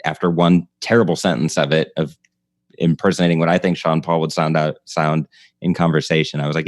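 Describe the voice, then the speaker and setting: This is a man hosting a casual podcast, his voice sitting very low. He rambles, restarts his sentences and laughs between thoughts. The sound is dry and close. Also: little pitch movement, a little fast, no echo. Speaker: podcast host. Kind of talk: casual chat about comedy.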